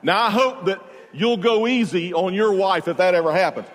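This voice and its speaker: A man preaches to his congregation, moving between loud, emphatic points and soft, quiet storytelling. His voice sits a touch high, and a long reverb from a large hall trails each phrase. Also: moderate pace. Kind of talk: sermon.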